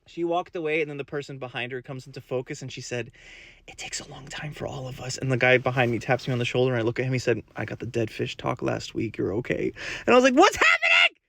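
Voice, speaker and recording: A man's voice: medium pitch, fast, gravelly. A young man telling a funny story to camera, laughing often and acting out what people said. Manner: animated, laughs often, acts out quotes. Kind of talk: comic storytelling.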